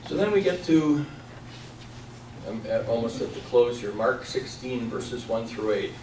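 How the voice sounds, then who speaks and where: A man's voice: mid-range voice, animated, measured pace, a little mellow, slight background noise. A man giving a Bible study talk in a church, who asks the room questions and then answers them himself. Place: church hall. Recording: echoey room, mic at a distance.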